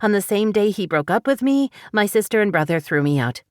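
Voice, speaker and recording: A woman's voice: medium pitch, expressive, brisk, no echo, clean studio sound, pitched above the performer's own voice, lightly acted. Woman reading as a sad young newcomer. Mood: upset.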